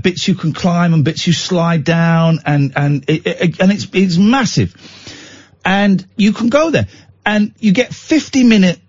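A man on talk radio, rambling through a self-deprecating story with lots of restarts and a lively, swooping delivery. His voice is husky and a little high, and he sounds worn out. The studio sound is dry but dull and muffled. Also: no echo. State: tired out. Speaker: radio show host.

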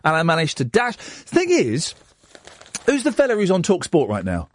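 A man's voice: a little high, normal speed. A man, hosting a late-night radio phone-in in a chatty, self-mocking way. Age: 40s. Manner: chatty, self-mocking, lively banter with the studio team.

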